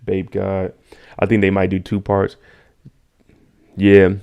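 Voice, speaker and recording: A man's voice: monotone, slow pace, gravelly, darkish tone, clear, resonant tone, lo-fi sound. A man casually recapping a TV episode on a live stream, using slang, answering chat by name and acting out scenes. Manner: laid-back slang, reads chat names, acts out scenes in high voices.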